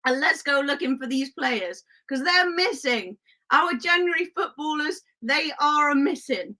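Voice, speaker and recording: A woman's voice: sits high, lively intonation, unhurried, bright, forceful tone, exaggerated voice. Woman doing a drawling Wild West sheriff. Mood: rowdy. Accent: put-on American Western drawl. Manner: hammy, drawling, y'all and yeehaw. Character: rowdy female Wild West sheriff rounding up a posse. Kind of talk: playful live-stream role-play.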